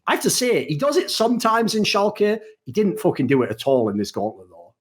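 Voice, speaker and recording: A man hosts a casual esports talk show in an animated rant, with plenty of swearing. His voice sits a little high and swings wildly up and down. He acts out the people he quotes. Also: brisk. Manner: animated profane ranting; acts out quoted people with big pitch jumps. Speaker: podcast host.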